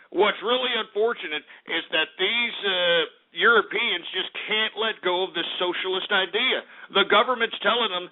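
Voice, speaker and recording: A brash, foul-mouthed man hosting a talk radio show, his voice pitched high for a man. He rants and stumbles through fillers between market figures. The sound is thin and phone-like, like a lo-fi radio stream. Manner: brash, profane, ranting, with many fillers. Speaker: radio host.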